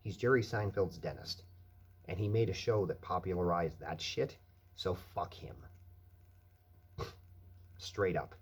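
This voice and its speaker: Deep, smooth-voiced man ranting bluntly. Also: measured pace, long pauses. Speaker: vlogger. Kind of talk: casual rant. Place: night workplace.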